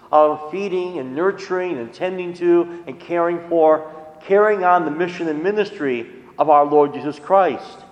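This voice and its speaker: A man's voice: a little high, roomy sound, big-room sound, dull audio. A man giving a sermon as a priest, in a conversational way with folksy asides. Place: church.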